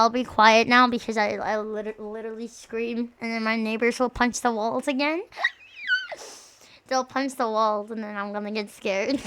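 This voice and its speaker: A woman's voice: fairly high pitch, fairly bright tone, smooth. A young woman streamer chatting casually, rambling and joking with many fillers. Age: young adult.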